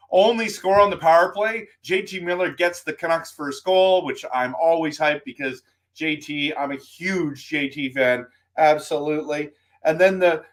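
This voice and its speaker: A man hosting a live stream as a hockey fan, talking in an excitable, ranting way with frequent restarts. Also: on the high side.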